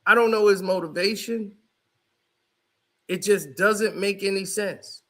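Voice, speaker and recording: A man's voice: high voice, a little slow, sharp tone. A man commentating on a clip, mocking the speaker in a theatrical way. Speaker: online commentator reacting to a clip. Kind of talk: reaction commentary.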